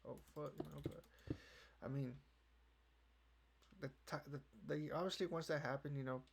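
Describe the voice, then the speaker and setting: Fairly high-pitched and steady, with vocal fry and a moderate pace, a young podcast host rambles through a casual chat. He swears and repeats "you know" almost every line as keyboard clicks and noise play behind.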